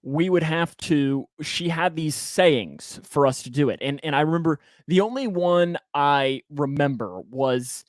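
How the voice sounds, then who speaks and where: A man co-hosting a casual podcast, joking and restarting his sentences in quick bursts. His voice sits a little high. The sound is dry and close, with no room around it. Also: dry recording. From Kentucky. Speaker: co-host.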